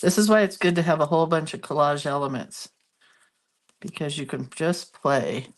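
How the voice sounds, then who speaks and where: A woman's voice: low voice, moderate pace. A congested, sniffly woman hosting a casual crafting demo, chatting and laughing at herself while she works. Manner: chatty, self-deprecating, talks while working. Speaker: craft video host.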